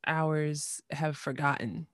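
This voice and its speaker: A woman's voice: low-pitched, steady tone, slow pace, fairly bright tone, no echo, clean studio sound. A woman hosting a podcast, responding encouragingly to her guest in casual conversation. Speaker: podcast host.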